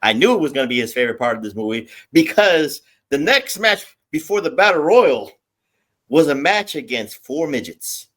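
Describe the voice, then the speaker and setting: A man hosting a casual podcast, emphatic and lively, putting questions to his co-host. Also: on the high side, normal speed. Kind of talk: casual chat.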